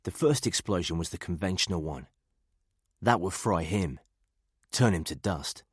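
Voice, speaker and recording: A man reading a thriller audiobook in a measured, even way. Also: sits low, husky, no room sound, studio quality. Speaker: audiobook narrator. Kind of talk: scripted thriller narration.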